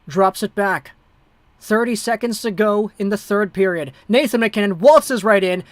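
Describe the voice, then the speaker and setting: An excitable amateur streamer calls a hockey game play by play in a breathless rush. The voice sits at an ordinary middle pitch. It is recorded close and dry, with no room sound. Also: no echo. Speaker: hockey livestream host.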